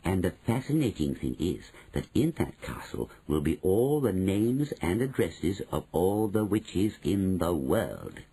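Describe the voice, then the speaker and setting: A man reading an audiobook, voicing a shrewd, bold old grandmother who speaks slowly and knowingly. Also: sits low, big pitch swings, mellow, husky, voice pushed down, full character voice, rough recording. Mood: measured. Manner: slow, measured and knowing.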